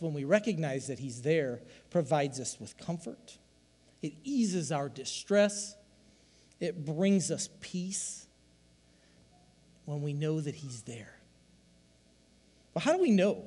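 A man preaching a sermon as a pastor, swinging from loud emphatic lines to hushed, quiet asides. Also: fairly high pitch, in a large hall.

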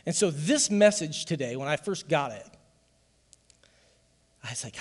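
A man preaching a sermon to his church, telling a personal testimony in an emotional, emphatic way that swells to loud emphasis. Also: a little high, animated, a little slow, long reverb tail. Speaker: pastor.

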